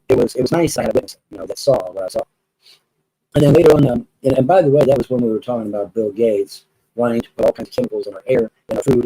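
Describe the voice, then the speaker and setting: A man's voice: mid-range voice, warm tone, breathy edge, no echo, low-quality recording. A man telling stories in a rambling casual monologue, repeating himself and swearing freely. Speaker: storyteller recounting experiences.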